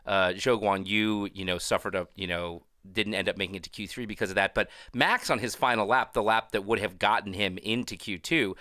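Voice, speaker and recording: Guy cohosting a podcast, lower voice, bright and bone dry sound, rambly. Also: brisk, few pauses, no room sound. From Texas. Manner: relaxed, rambling with many fillers. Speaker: co-host, F1 analyst. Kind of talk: casual podcast chat.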